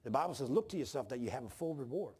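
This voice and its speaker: Talking rapid-fire in a medium-pitched, slightly rough voice, a pastor preaches a sermon full of folksy stories. He's animated and acts out the voices in his anecdotes.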